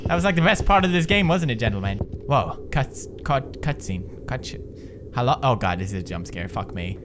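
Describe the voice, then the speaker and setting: A man's voice: medium pitch, expressive, normal speed, fairly bright tone, slight background noise. Jumpy, sarcastic man in game commentary. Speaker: gaming video creator.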